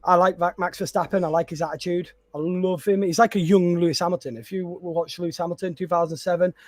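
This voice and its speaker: A high-pitched man chatting on a podcast, telling a story with lots of energy, laughing between lines and restarting his sentences. The sound is close and dry, with no room echo. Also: quick pace. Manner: animated storyteller, laughs often, many restarts. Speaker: podcast co-host and content creator. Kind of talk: casual chat.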